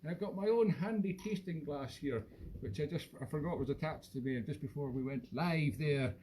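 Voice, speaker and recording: A man's voice: on the high side, normal speed, a little mellow, slight background noise, close to an everyday voice, low-quality recording. A man playing a rambling, self-mocking male whisky expert in a comic live stream, slipping into a put-on Irish-sounding lilt. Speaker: host.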